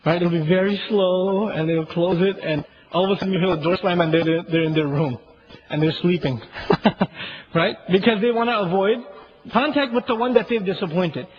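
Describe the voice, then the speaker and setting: A man's voice: sits high, normal speed, lo-fi sound. A man giving a chatty religious lecture, often asking "right?" and chuckling. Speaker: Islamic lecturer.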